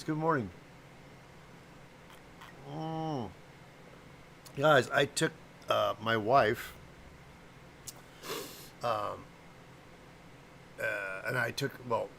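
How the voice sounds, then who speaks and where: A middle-aged Midwestern man, a prop maker hosting a livestream, chats loosely with viewers, rambling and tripping over names. His mid-range voice is fairly bright with some vocal fry, and a little hiss or hum sits under the recording.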